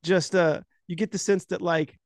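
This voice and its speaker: A man in casual chat retelling a film scene. He rambles with constant filler words, swears freely, and gets animated as he goes. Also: sits high, normal speed, vocal fry, dry recording, studio quality.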